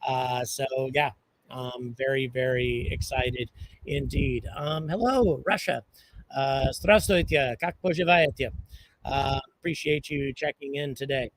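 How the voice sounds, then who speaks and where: A man's voice: medium pitch, measured pace, low-quality recording. A man hosting a casual live stream from outdoors, chatting loosely with many fillers and greeting viewers by where they watch from. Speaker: livestream host. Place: outdoors at a launch site.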